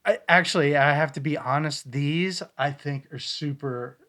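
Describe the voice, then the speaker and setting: A man co-hosting a casual podcast, reviewing ghost-hunt recordings in a rambling way with excitable bursts. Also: a little high, moderate pace. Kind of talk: casual chat.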